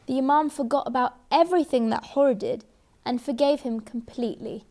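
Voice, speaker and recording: Gentle woman reading a children's story. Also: sits high, fairly quick. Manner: gentle, expressive, with emphatic repeats.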